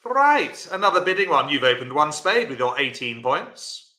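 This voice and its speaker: A man's voice: fairly high pitch, very animated, moderate pace, pushed and bright, roomy sound. A man teaching a live-streamed bridge lesson, chatty and encouraging, answering viewers by name.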